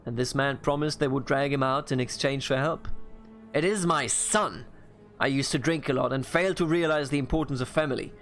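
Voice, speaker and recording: A man voicing a remorseful middle-aged drunkard father on trial, reading his lines in a pleading, halting way from a video game. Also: medium pitch, fairly bright tone, soft background music, lightly acted.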